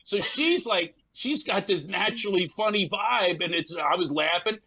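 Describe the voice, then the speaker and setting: A man, a comedian guest, telling a story in an animated way and acting out other people's lines in quick bursts. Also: high voice, slightly rough, rough recording.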